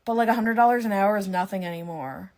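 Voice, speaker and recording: A Canadian woman co-hosting a podcast in casual chat, chatty and excitable, quick to gasp and laugh. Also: medium pitch. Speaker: podcast co-host.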